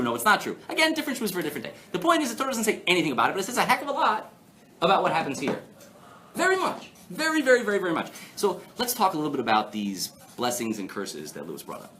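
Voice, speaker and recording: A rabbi teaching a weekly class to a live audience in an informal, joking way, often throwing questions to the room. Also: male voice, mid-range voice, a bit bright. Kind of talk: lively informal Torah lecture.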